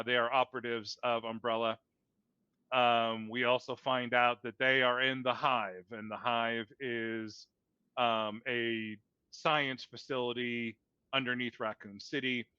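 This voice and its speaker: A man's voice: medium pitch, pushed and bright, clear, resonant tone, no room sound, lo-fi sound. A man co-hosting a podcast, casually recapping a movie's plot with lots of fillers and restarts. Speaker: podcast co-host.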